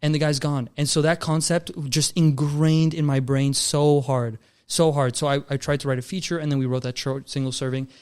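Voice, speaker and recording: A man's voice: a little high, fairly even intonation, moderate pace, hardly any pauses, darkish tone, smooth. A young man from Canada, a filmmaker guest, telling a long story in a casual chat, easygoing and calling people bro and dude. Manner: laid-back, calls people bro and dude.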